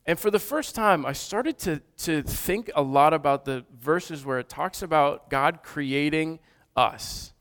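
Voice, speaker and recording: A man's voice: fairly high pitch, unhurried, fairly bright tone, clear, resonant tone. A man in his thirties, a father of toddlers, preaching an earnest, conversational sermon with frequent restarts. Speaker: pastor.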